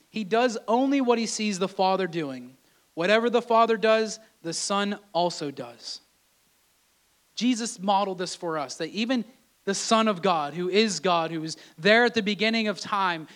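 A man's voice: high-pitched, fairly bright tone. A man preaching a sermon in a conversational way, often repeating and restarting his words. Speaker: pastor.

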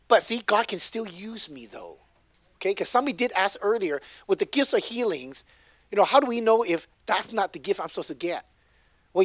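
A man preaching and telling a healing story to a congregation, swinging from loud bursts to hushed asides. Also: high-pitched, dry recording. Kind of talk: sermon storytelling.

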